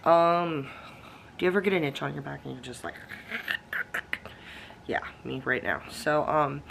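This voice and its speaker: A woman with a lowish but bright, forceful voice chats loosely to her camera in a casual vlog. She wanders through her thoughts with plenty of ums and restarts, nibbling snacks and swearing now and then. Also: unhurried, vocal fry, long pauses, a little hiss or hum. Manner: rambling and chatty, with many fillers and restarts; eats snacks and sips coffee while talking. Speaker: vlogger. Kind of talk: casual talking-head vlog.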